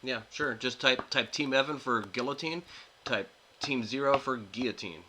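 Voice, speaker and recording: A man hosting a casual card pack opening video, reading card text aloud in a flat, steady way and chatting with the viewers. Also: medium pitch, normal speed, noisy background. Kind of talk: casual commentary while opening card packs.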